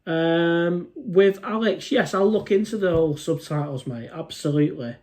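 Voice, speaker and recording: Casual english guy on a live stream, reads out comments, keeps saying mate, voice a bit high. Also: normal speed, a little mellow. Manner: chatty, informal, says "mate" often.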